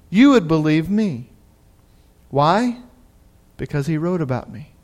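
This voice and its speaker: A man preacher giving a sermon in an animated, conversational storytelling way. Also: sits high.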